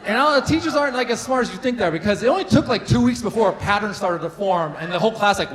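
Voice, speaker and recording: Stand-up man, high lively voice, crowd laughing. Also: quick pace, hardly any pauses, poor audio. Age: 30s. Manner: conversational, self-deprecating, frequent fillers. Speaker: stand-up comedian. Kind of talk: stand-up comedy set. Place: large hall with a live audience. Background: audience laughter.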